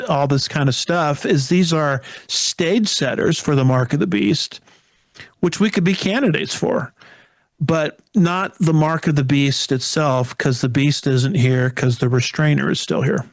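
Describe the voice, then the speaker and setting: A male pastor and theologian, a guest, explaining Bible prophecy in a measured teaching manner. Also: medium pitch, no echo, clean studio sound.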